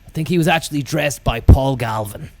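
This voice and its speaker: Gravelly man spinning deadpan nonsense. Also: medium pitch, fairly quick. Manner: deadpan absurd tall tales, casual swearing. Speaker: comedy podcast host. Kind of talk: rambling comic monologue.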